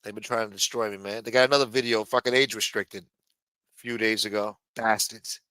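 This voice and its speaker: Jersey guy hosting a livestream, cursing a lot and rambling, bright voice, real dry sound. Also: lowish voice, fairly even intonation, a little fast, clear, resonant tone, no echo. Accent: New Jersey. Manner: profane, rambling street talk. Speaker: livestream host. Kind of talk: casual livestream chat, reading the chat.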